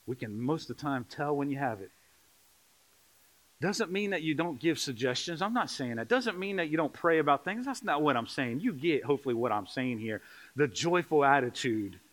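Man, pastor, folksy sermon, bright ringing voice, higher pitch. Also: animated, moderate pace. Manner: folksy, joking, builds to loud rising preaching. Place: church sanctuary.

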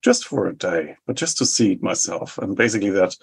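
A man in his forties with a New Zealand accent, explaining his views in a measured way in an interview. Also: sits low, lively intonation, creaky, slightly rough. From Germany. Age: 40s. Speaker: think tank head. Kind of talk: interview answers.

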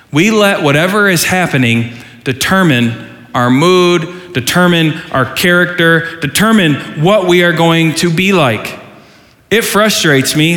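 A middle-aged man preaches in a church sanctuary, his voice sitting a bit high. He is animated and rises into mock outrage in his asides. The sound rings out in a long hall reverb. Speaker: pastor. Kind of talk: sermon.

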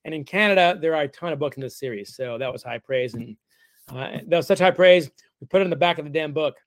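A middle-aged man, a guest author, telling stories in a wry, animated way during a casual interview. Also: a little high, fast talker, no room sound.

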